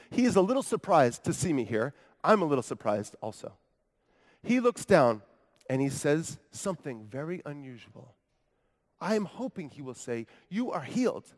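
A man with a somewhat high, slightly mellow voice preaches in character, telling the story of a paralyzed grown man from Capernaum in the first person. His tone is earnest and wry, with asides to the congregation, and the sound has a long hall reverb.

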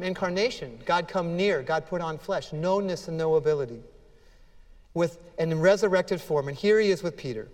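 A man's voice: high voice, in a large hall. A man preaching a sermon as pastor, earnest and emphatic, acting out scripture dialogue with feeling.

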